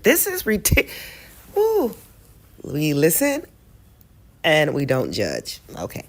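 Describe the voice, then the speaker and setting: Low-voiced woman reacting to a story. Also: takes it slowly, pauses often. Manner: expressive, exclaiming, chatty. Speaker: reaction host. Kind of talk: casual reaction commentary.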